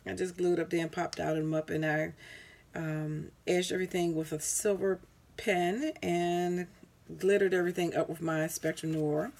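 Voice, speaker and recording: A tired-sounding craft vlogger shows off her work in a casual, rambling home video recorded on a camera mic, correcting herself with lots of ums. Her voice is lowish and darkish in tone, with fairly even intonation at a normal speed.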